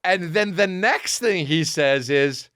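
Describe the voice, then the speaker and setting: A man hosting a podcast, telling a comedic story in a profane, animated way that climbs high as he gets excited. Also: slow pace, smooth, dry recording, clean studio sound. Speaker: podcast host. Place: podcast studio.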